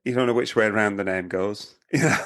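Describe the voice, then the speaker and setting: A man's voice: lowish voice, brisk, fairly bright tone. A middle-aged man co-hosting a podcast, reading listener reviews and teasing his co-host with frequent laughter. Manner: giggly, teasing, laughs often.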